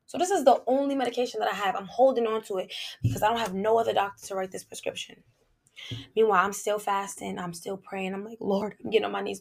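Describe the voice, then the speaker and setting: Animated woman sharing a faith testimony. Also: mid-range voice, quick pace, vocal fry, breathy edge. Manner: animated, colloquial, addresses listeners directly. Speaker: podcast host.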